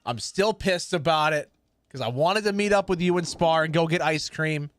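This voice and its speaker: A man's voice: a little high, moderate pace, no echo. A man in his thirties, a livestream gamer chatting casually with viewers in a sassy, sarcastic way. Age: 30s. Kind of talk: casual stream chat with viewers.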